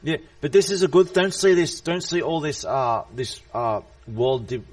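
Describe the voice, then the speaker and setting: A man's voice: fairly high pitch, normal speed. Rambling man, far from the mic. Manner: reflective, preachy, rambling monologues. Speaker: host of the voice chat. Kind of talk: casual voice chat.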